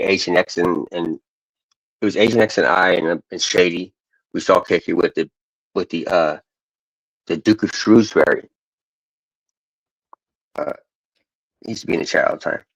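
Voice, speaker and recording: An American man chatting casually on a stream, talking haltingly and keeps losing his train of thought. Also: sits low, fairly bright tone, no echo. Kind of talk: casual chat. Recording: dull, dry lo-fi mic.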